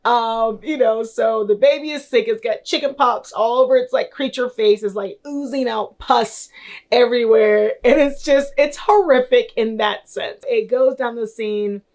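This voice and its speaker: A woman's voice: a little high, measured pace, darkish tone. A young woman chatting loosely through a film review, rambling with lots of fillers and giggles. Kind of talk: casual film review chat.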